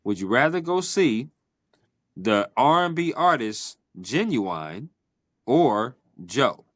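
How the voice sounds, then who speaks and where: A man hosts a casual podcast and runs a game of quick either-or questions. He teases his guest about her answers in a playful way. His voice sits at an ordinary pitch and is recorded close and dry. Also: very animated, a bit bright, no echo. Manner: playful, teasing, drawn-out questions. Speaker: podcast host. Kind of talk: casual interview chat.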